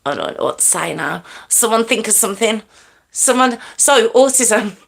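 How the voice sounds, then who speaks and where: A woman hosting a true crime livestream, chatting casually with viewers and reading their comments, her voice jumping up in pitch when she teases them. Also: animated, gravelly. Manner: chatty, warm to viewers, quick pitch jumps when teasing.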